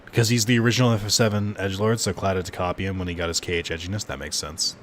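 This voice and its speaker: A man streaming a game, joking, swearing and tossing off quick asides. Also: low voice, steady tone, slight background noise. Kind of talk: casual gameplay commentary.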